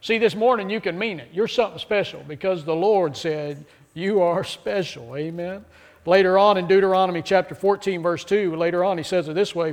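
A man's voice: high voice, normal speed. A male pastor preaching a sermon. He jokes easily and keeps calling on the congregation to repeat lines back to him. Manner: joking, call-and-response with congregation.

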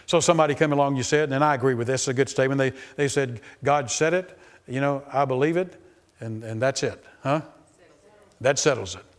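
A man's voice: mid-range voice, fairly quick. A man preaching a sermon, reading scripture and acting out the quoted voices with lots of repetition. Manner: animated, repeats phrases, acts out quoted voices.

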